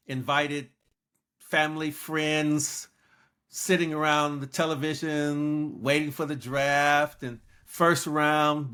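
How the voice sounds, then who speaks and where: A man's voice: on the high side, pushed and bright. A man in his sixties from Los Angeles, a guest telling his story in an interview and acting out quoted lines. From Los Angeles, United States. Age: 60s.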